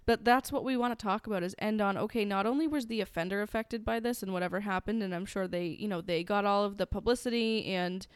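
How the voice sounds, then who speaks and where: A woman's voice: mid-range voice, quick pace, hardly any pauses, clean tone, no echo, clean studio sound. A woman co-hosting a true crime podcast, chatting casually and telling the story with friendly asides. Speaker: podcast co-host.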